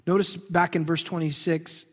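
A man preaching a sermon as pastor, dramatic, swinging from hushed tones to loud emphasis. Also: a little high, little pitch movement, moderate pace, in a large hall.

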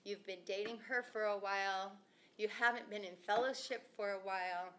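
A woman's voice: mid-range voice, fairly even intonation, moderate pace, sharp tone. An older woman, a grandmother, talking casually and earnestly, telling a family story and quoting what she said. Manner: earnest storyteller, quotes her own past words. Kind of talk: casual conversational talk.

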